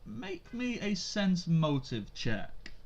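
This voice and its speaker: Male game master, slow delivery, hesitant, muffled lo-fi recording. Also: high-pitched, very animated, slight background noise. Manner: hesitant, many fillers. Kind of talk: narrating a tabletop game.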